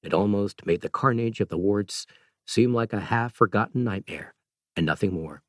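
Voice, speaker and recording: A man narrating an audiobook in a measured, steady reading. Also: fairly low pitch, no echo, studio quality.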